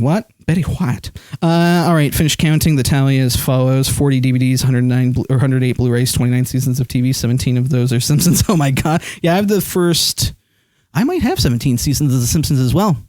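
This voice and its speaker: A man with a mid-range, darkish voice streams live into a desk microphone, giving a dry, studio-quality sound. Holding his phone, he rambles casually and reads chat comments aloud with lots of fillers.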